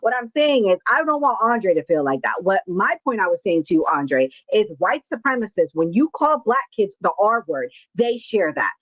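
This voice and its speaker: A woman's voice: medium pitch, sing-song, normal speed, hardly any pauses, no room sound, lo-fi sound. A woman on a debate panel pressing her point and repeatedly trying to clarify what she meant. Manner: insistent, keeps interrupting to clarify. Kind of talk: live-streamed debate.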